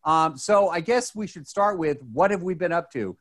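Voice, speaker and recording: A man, co-hosting a podcast in casual chat. He talks excitably and rambles, with many restarts. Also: high-pitched, normal speed. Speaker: podcast co-host.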